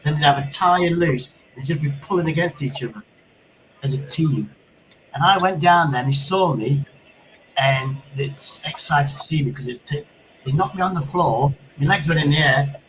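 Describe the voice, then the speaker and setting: Middle-aged man, rambling sweary storyteller, a little high in pitch, faint noise behind. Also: normal speed, a bit bright, low-quality recording. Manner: swearing anecdotes with sound effects. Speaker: livestream host. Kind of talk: casual chat.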